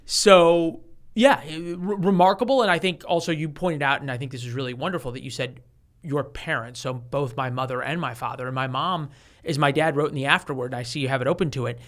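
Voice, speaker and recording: A fortysomething man, a guest author, recounts a story during an interview, talking a little fast in a fairly high pitch. He's expressive, frequently restarts, and gives each quoted person their own voice.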